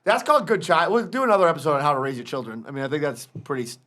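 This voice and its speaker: A man's voice: on the high side, sing-song, very fast, fairly bright tone. A man in his thirties, a podcast co-host telling stories in casual, profane chat. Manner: swearing, storytelling, "you know what I mean".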